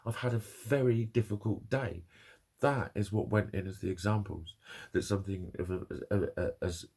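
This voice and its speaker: A vlogger rants angrily to camera about an online argument, swearing frequently and repeating himself in agitation. His voice is on the low side, darkish and slightly rough, at normal speed.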